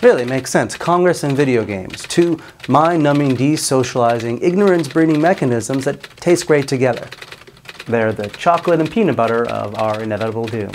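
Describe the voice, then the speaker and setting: A man's voice: medium pitch, moderate pace, a little hiss or hum. A man hosting a comedy show, giving sarcastic, satirical commentary on business news. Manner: sarcastic, with jokey swoops into silly voices.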